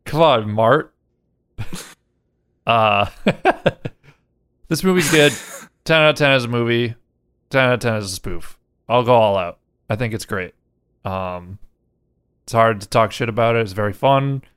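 A man's voice: mid-range voice, measured pace, pauses often, fairly bright tone, smooth. A man co-hosting a casual chat, talking with wry, teasing remarks. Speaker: podcast co-host.

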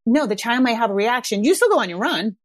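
A woman's voice: fairly high pitch, expressive, fast, no room sound. A woman in her thirties, a parenting coach hosting a podcast, talking casually and often checking in with "right?" and "yeah?". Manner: conversational, frequent tag questions like "right?" and "yeah?". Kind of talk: casual advice talk.

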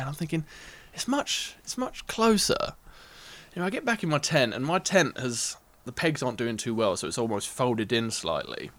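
A man's voice: medium pitch, fairly bright tone. A man telling a festival story in casual chat, acting out the voices of the people in it and laughing often.

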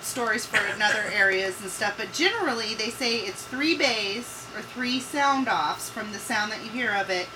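A woman's voice: on the high side, animated, normal speed, hardly any pauses. A woman from the Ozarks telling folklore in a rambling, casual podcast chat, laughing and swearing freely. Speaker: podcast co-host. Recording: distant mic, noisy room.

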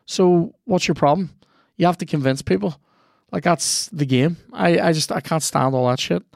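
Sweary gravelly man. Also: fairly high pitch, normal speed, darkish tone, no room sound, clean studio sound. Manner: sweary, rambling, reacts aloud to the game. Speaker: podcast host. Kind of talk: casual chat while playing a video game.

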